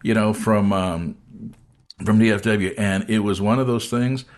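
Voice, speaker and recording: A man hosting an interview, telling a travel story in a relaxed, chatty way and acting out the people in it. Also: fairly low pitch, unhurried. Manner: animated storyteller acting out dialogue. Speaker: podcast host.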